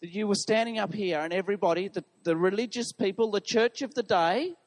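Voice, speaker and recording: A high-voiced man speaking a little fast delivers a sermon as pastor, questioning the listeners in his congregation. The recording carries the long echo of a big church hall.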